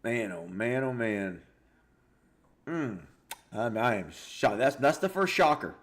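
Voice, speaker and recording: A man hosting a live high school football show, reading scores and viewer comments in a casual, animated way. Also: slow pace. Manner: chatty and animated, reacting aloud with stunned exclamations and repeated words.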